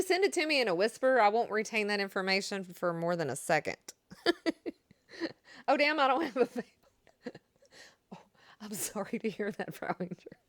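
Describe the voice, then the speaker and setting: Gravelly-voiced woman chatting on a livestream. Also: mid-range voice, fairly bright tone, no echo, studio quality. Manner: chatty, reads and answers chat, laughs often. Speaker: streamer. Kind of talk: casual live-stream chat.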